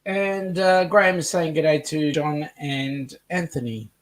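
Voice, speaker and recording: A man's voice: a little high, fairly even intonation, unhurried. An Australian man co-hosting a casual live chat, reading viewer comments aloud and joking. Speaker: co-host of a live chat stream.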